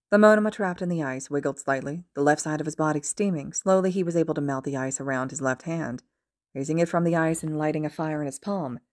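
A woman narrating a fan fiction audiobook with steady, even storytelling. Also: deep voice, dry recording, studio quality. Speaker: podfic reader.

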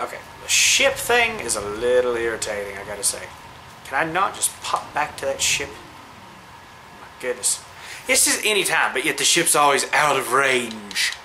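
A man talking through his gameplay in an excitable, rambling way, his pitch leaping up and down as he chats. His voice is very bright and sharp, and he slips into cooing at creatures on screen. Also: slight background noise, poor audio. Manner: chatty, excitable, coos at game creatures. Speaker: gamer. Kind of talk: let's play commentary.

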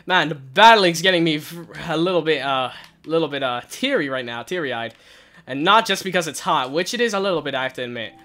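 A young man wearing a headset, giving nervous, excited gameplay commentary and crying out in panic as he plays. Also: fairly high pitch, fast talker. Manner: nervous, shouts and cries out in panic. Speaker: gaming channel host. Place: hot room at home.

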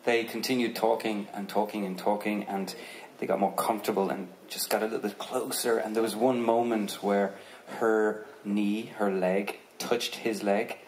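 A man with an Irish accent telling a joking, relaxed story to an audience between songs at a live outdoor concert. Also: on the low side, normal speed, hardly any pauses, rough recording. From Ireland. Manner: relaxed, joking, chatty, swears casually. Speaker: singer on stage. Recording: live concert recording with crowd noise. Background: audience crowd murmur.

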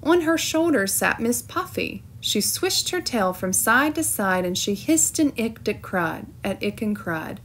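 A woman teacher reading a storybook aloud with clear, expressive narration. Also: on the high side, measured pace, few pauses, a little hiss or hum.

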